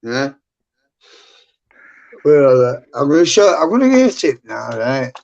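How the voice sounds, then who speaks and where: A man's voice: mid-range voice, big pitch swings, measured pace, gravelly, a little mellow. A middle-aged man, rambling bluntly and swearing a lot as a guest in casual livestream chat. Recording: dull lo-fi stream audio.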